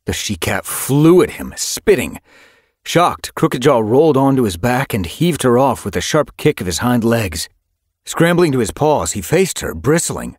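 Brief: male audiobook narrator, low husky voice, lively and dramatic. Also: moderate pace, no room sound, clean studio sound.

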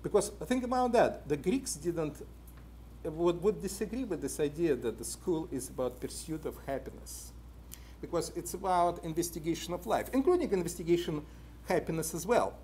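A man giving a conference talk, speaking in short, deliberate phrases that slow and drop at the ends and then rise sharply for emphasis, with slightly non-standard English grammar. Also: fairly high pitch, animated, warm tone, a little hiss or hum. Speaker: conference panelist.

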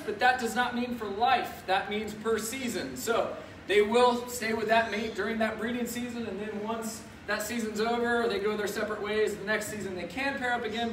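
A man's voice: high-pitched, fairly bright tone. A man presenting as a zookeeper, talking upbeat and chatty through a face mask inside a zoo birdhouse. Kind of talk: casual educational live stream. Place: indoor zoo birdhouse with penguins. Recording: echoey room, distant mic, faint noise.

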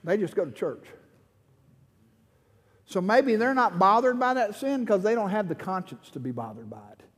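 Fervent high-voiced male preacher in a hall. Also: very animated, normal speed, breathy edge. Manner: impassioned, rising to fervent pleading in prayer. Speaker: pastor. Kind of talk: sermon. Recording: long hall reverb.

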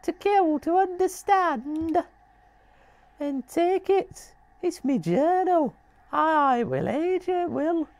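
A man doing a deep-voiced grim bug hunter. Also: darkish tone, full character voice. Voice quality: put-on super deep voice that strains the throat. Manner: slow, drawn-out, portentous reading. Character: grim old male bug hunter, solemn and menacing.

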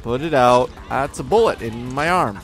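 A man doing let's play commentary in a goofy, joking way, often yelling at enemies. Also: mid-range voice, lively intonation, moderate pace, soft background music. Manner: goofy, jokey, yells at enemies. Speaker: gaming video host.

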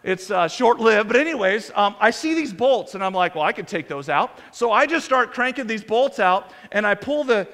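An American man preaching in a relaxed, chatty way, often restarting and acting out quotes. His voice sits high for a man. The church around him rings with a long reverb. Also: moderate pace, hardly any pauses. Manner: conversational, animated with restarts and acted quotes. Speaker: pastor. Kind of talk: sermon. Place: church sanctuary.

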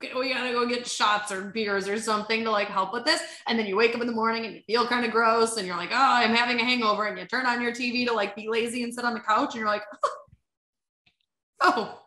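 Lively, bright-voiced woman in a roomy space. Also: on the high side, brisk. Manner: animated storyteller, many fillers and acted-out quotes. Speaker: podcast guest, sports agency head. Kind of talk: casual chat. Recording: roomy echo.

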